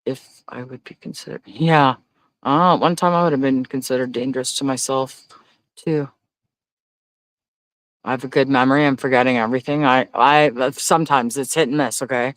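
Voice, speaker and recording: A man rants bluntly and profanely while reading viewer comments on his livestream. His voice sits at an ordinary middle pitch and jumps up high when he can't believe something. The sound is dry and close. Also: steady tone, normal speed, no room sound. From Canada. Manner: loudly incredulous, rises to high exclaims. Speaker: livestream host.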